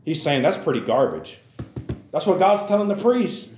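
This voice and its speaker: A man's voice: on the high side, sing-song, moderate pace, darkish tone, soft background music. Earnest male preacher in a roomy church. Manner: earnest and repetitive, keeps calling out to the listeners. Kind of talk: sermon to young people. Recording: roomy echo.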